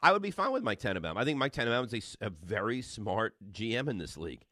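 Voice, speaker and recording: A bright, forceful man hosts call-in sports radio. His pitch swings widely as he argues, and the studio sound is dry and close. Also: fast, no room sound. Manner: animated, loud and combative with callers.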